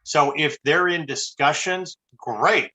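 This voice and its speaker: A man's voice: fairly high pitch, slow pace, pushed and bright, low-quality recording. A man co-hosting a pop-culture podcast in casual chat, ranting bluntly and with emphasis. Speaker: podcast co-host.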